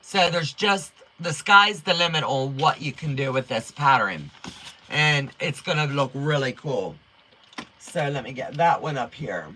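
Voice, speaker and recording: A middle-aged woman hosting a quilting livestream, chatting in a folksy way with a strong accent, talking fast and reading viewer comments. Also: rumbling low, lively intonation, a little hiss or hum. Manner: upbeat and warm toward viewers.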